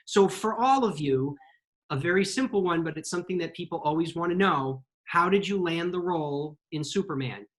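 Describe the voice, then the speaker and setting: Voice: mid-range voice, moderate pace, low-quality recording. An enthusiastic host moderates a virtual convention panel and asks the guests questions. The voice is friendly and comes over a video call.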